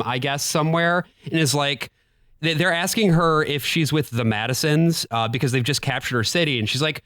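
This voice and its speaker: A man's voice: medium pitch, fairly bright tone, no echo, studio quality. A male podcast co-host recapping an episode in casual comedic chat, rambling with jokes.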